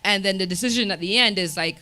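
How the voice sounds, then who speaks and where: A woman with a bright, clear voice thinks aloud in a church discussion. She pauses now and then as she looks for the right words. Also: medium pitch. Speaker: church elder.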